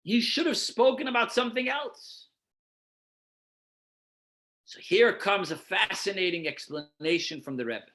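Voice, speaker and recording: A man's voice: high voice, unhurried, pauses often, pushed and bright. A man, a rabbi, teaching a Torah class, posing rhetorical questions and then answering them while guiding listeners through numbered source texts. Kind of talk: explanatory lecture.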